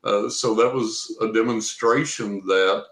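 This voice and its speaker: Lowish-voiced man telling a story. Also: steady tone, unhurried, a bit bright. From Texas. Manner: rambling storyteller, acts out quotes. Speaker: guest, professional psychic reader. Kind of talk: telling a personal story in an interview. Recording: roomy echo.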